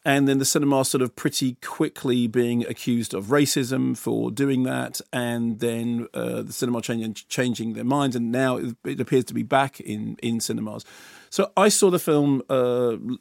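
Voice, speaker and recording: A man's voice: mid-range voice, normal speed, creaky, darkish tone, no room sound, studio quality. A man from the UK, a film critic co-hosting a radio show, talking in a rambling, opinionated way with many restarts. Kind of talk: casual radio chat.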